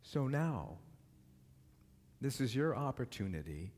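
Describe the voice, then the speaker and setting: A man's voice: mid-range voice, lively intonation, unhurried. A man preaching as a minister, moving from rousing repeated calls to act into a personal story. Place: church hall. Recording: long reverb of a large hall.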